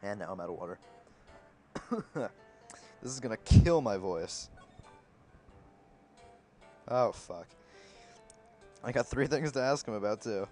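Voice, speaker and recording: A man's voice: fairly low pitch, animated, slow, long pauses, a little mellow, faint music behind. A man casually commenting while reading a game aloud, swearing offhandedly. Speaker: game streamer. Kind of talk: let's play commentary.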